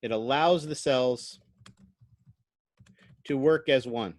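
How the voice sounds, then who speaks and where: A man with a medium-pitched voice speaks at a slow pace, free of room sound. He's a college lecturer recording an online lecture into a computer microphone, explaining conversationally and regularly checking in with "right?"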